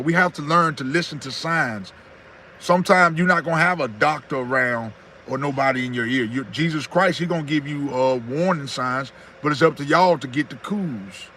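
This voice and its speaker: A man's voice: fairly high pitch, a bit bright, slight background noise. A man in his thirties giving folksy motivational talk on his own channel, repeating his points and greeting viewers by name. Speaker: YouTuber hosting a live stream.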